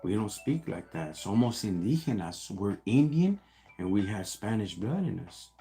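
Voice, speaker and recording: A low-pitched man with a gravelly, fry-laden voice hosts a relaxed livestream. He answers viewers in laid-back street slang, calling them homie and dog, with faint music behind him. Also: normal speed. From United States. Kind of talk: casual livestream chat.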